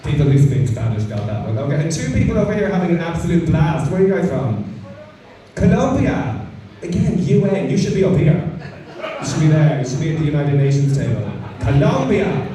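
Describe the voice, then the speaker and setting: A man's voice: on the high side, sing-song, fast, dark tone. An Irish man doing stand-up, teasing the audience with profane, cheeky crowd work. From Ireland. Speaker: stand-up comedian. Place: comedy club stage. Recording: echoey club from far off. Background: laughing crowd.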